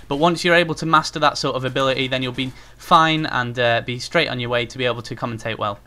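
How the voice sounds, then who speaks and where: A young YouTuber offers his viewers casual, rambling tips on gaming commentary, full of fillers. His medium-pitched voice is bright and forceful.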